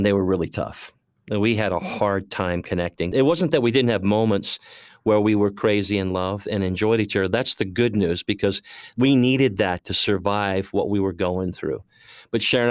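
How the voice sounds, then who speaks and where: A man's voice: fairly low pitch, clear, resonant tone, no echo. Man co-host in a dry, close room. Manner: candid, emotional personal anecdote. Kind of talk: interview storytelling.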